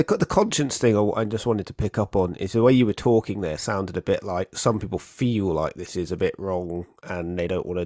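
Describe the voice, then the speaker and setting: A man's voice: low voice, creaky, darkish tone, no room sound, studio quality. A man in a casual theological discussion, making his points firmly and acting out short example exchanges. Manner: emphatic, explains with acted-out examples.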